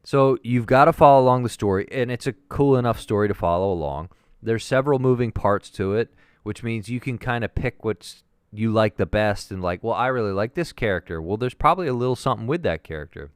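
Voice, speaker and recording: A man chatting loosely about a film on a podcast, his voice smooth and clear. He jokes around and wanders between half-finished thoughts. The sound is close and dry, with no room around it. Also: mid-range voice, expressive, a little fast, few pauses, dry recording. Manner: rambling, jokey, trails off mid-thought. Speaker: podcast co-host. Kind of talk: casual movie chat.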